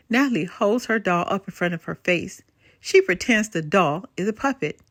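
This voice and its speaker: An older woman reading a bedtime story aloud to children in an expressive, lilting way. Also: mid-range voice, normal speed, no room sound, clean studio sound.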